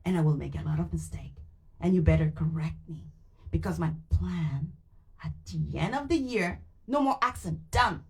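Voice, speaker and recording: A tired woman with a French Canadian accent, a native French speaker, reading a book aloud on a live stream into a mic, animated and retrying hard words again and again. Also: fairly low pitch, moderate pace. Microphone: microphone.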